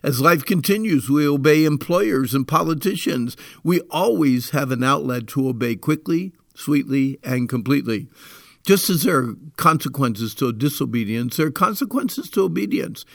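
A man's voice: fairly high pitch, expressive, moderate pace, gravelly, no echo, studio quality. A man giving a devotional Bible meditation for children and teens, earnest and emphatic, repeating key phrases. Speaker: Bible teacher.

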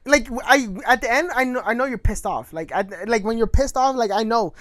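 A man's voice: very high-pitched, fairly quick, fairly bright tone, no echo. A young man in casual podcast chat, rambling and swearing, laughing often. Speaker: podcast co-host. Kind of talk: casual chat between friends.

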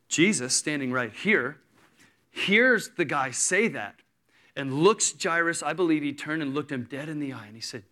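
A man in his thirties preaches with a bright, forceful voice that sits a little high for a man. He tells his story with animated energy, stepping into the voices of the people in it. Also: normal speed. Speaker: pastor. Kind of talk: sermon.

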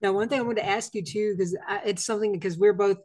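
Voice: medium pitch, steady tone, fast talker, a little mellow. A podcast host asks questions in casual interview chat, often restarting sentences.

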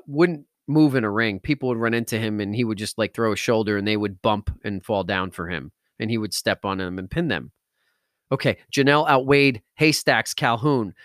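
A man hosts a podcast, recounting a heavy real-life story with emotion in his voice. His delivery is intense and emphatic, pushing hard on key words. The sound is dry and close, with a mid-range pitch. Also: fairly bright tone, dry recording. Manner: intense, emphatic, rising to outbursts. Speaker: podcast host.

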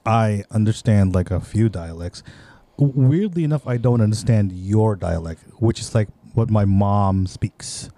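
A man's voice: lowish voice, a little slow, warm tone. A man co-hosting a podcast, rambling casually with many fillers and restarts. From Philippines. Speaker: podcast co-host. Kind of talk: casual chat.

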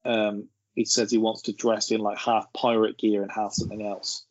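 A man's voice: fairly low pitch, flat delivery, moderate pace, dry recording. Rambling man telling a story. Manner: rambling storyteller, laughing as he tells it. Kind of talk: casual podcast chat. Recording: dull lo-fi sound.

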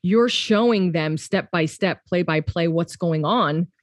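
A woman's voice: lowish voice, a little slow, no echo. A woman hosting a podcast chat, who talks steadily and lays out her points in lists. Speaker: podcast host.

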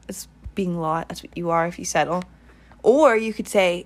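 A woman's voice: medium pitch, normal speed. A woman giving an earnest, rambling online sermon, repeating her points and leading a prayer. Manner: earnest, repetitive, rambling exhortation. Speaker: online preacher.

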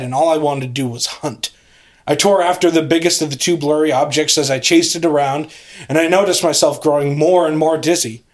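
Man reading a spooky story theatrically. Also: a little high. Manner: theatrical, building suspense. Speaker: podcast host reading a story.

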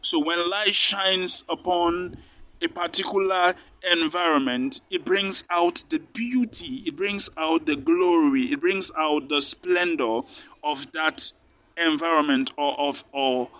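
A man's voice: on the high side, takes it slowly, pushed and bright, dry recording. A man from Nigeria preaching a sermon, earnest and repeating phrases for emphasis. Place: Lome, Togo.

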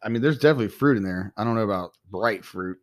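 A man co-hosting a whiskey podcast, talking in an easygoing, chatty way and quick to agree. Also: fairly low pitch, dry recording, studio quality. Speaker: podcast co-host. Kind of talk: casual chat.

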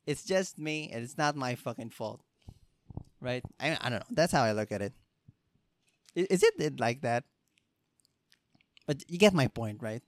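A man's voice: medium pitch, no echo. A young man from the Philippines with a Filipino English accent, telling rambling, profane comedic stories and laughing at them. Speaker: podcast host. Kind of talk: casual comedic monologue.

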